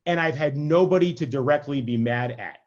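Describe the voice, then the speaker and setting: A man's voice: medium pitch, a little fast, a little mellow, highs cut off. A man, a rabbi, giving an informal class in a conversational way, often checking in with "right?" and adding self-deprecating asides over a video call. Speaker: rabbi teaching an adult class. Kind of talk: informal lecture.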